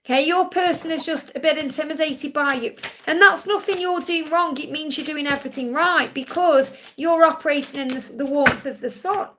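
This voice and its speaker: A woman giving spiritual readings in a live Q&A speaks with a high, bright, forceful voice at a moderate pace, over a little hiss or hum. Her manner is gentle and comforting, and she tends to repeat phrases.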